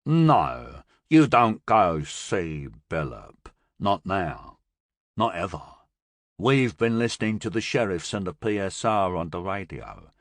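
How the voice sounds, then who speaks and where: A man voicing a cold, menacing male gang boss in an audiobook, speaking slowly and calmly. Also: sits low, no echo, studio quality, exaggerated voice. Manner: slow, calm and threatening. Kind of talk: audiobook character voice.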